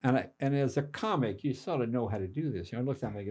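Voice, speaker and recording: Animated older man telling stories. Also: medium pitch. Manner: animated anecdotes, quick asides and acted-out quotes. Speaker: guest comedian. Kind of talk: casual storytelling.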